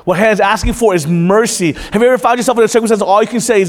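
A man with a high-pitched voice preaches a sermon, earnest and direct, often turning questions on his listeners. His voice rings through a church with long hall reverb. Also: racing, few pauses. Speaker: pastor.

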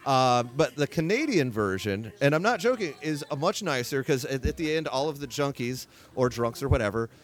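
Indoors at a bar, a male podcast host chats casually, rambling with plenty of fillers. His medium-pitched voice is animated, and he talks at a normal speed with few pauses.

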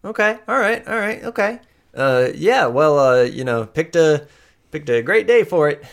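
A man's voice: a little high, very animated, normal speed, creaky, fairly bright tone, pitched above the performer's own voice, full character voice. A man voicing a nervous rural woman forager who stammers and rambles in a folksy drawl.

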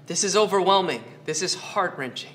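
A man's voice: sits high, animated, a little fast, fairly bright tone. A man preaching a sermon, earnest, asking his listeners question after question and repeating phrases for emphasis. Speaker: pastor.

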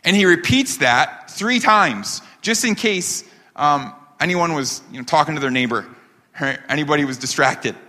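A man preaching a sermon as pastor, emphatic, asking rhetorical questions and slowing down on key phrases. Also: on the high side, animated, pushed and bright. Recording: long hall reverb.

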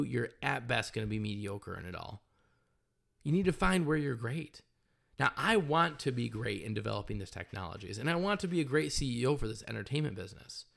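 A man with a gravelly, creaky voice talks straight to camera about a rough day as a CEO. He is blunt and emotional, and he swears freely as he pushes through his story. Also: mid-range voice. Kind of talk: candid vlog monologue.

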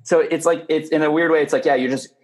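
A man hosting a casual podcast, rambling and halting as he asks questions and plays devil's advocate. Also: on the high side, fairly even intonation. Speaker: podcast host.

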